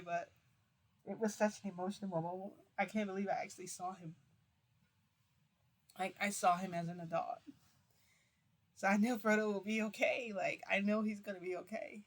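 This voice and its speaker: A woman's voice: lowish voice, normal speed, long pauses. Rambling woman retelling a story. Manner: rambling, constantly quoting with "I'm like". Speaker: vlogger recounting a reality-shifting experience.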